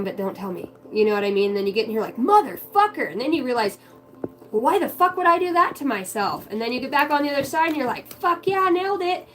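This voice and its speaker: A woman's voice: mid-range voice, a little mellow, rough recording. A woman giving a casual, heartfelt spiritual monologue, candid and swearing freely. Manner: acts out quoted voices in her stories. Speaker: spiritual vlogger.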